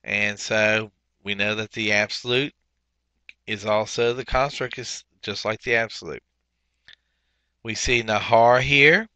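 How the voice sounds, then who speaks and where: Man, language teacher, lowish voice, bright tone, dry close sound, explanatory. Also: steady tone, a little slow, pauses often, smooth, no room sound. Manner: explanatory, frequent fillers. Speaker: Hebrew teacher. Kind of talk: workbook lesson walkthrough.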